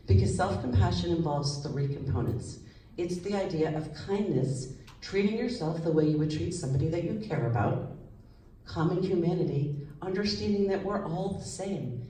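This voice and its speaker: Woman psychologist, low mellow voice, chatty stage talk, echoey hall. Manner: lively, conversational, asks the audience questions. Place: large hall with audience. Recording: echoey hall, voice slightly distant.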